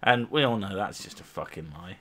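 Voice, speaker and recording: A man's voice: sits low, expressive, brisk, bright, forceful tone. A Scottish man in his thirties chatting casually and swearing freely on a stream. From Scotland. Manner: sweary, jokey banter.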